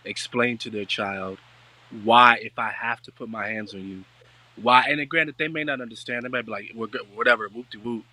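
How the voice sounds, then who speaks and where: A man hosting a casual talk show, speaking in with an animated, joking delivery. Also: medium pitch, normal speed, dry recording. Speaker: podcast host. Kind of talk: casual chat.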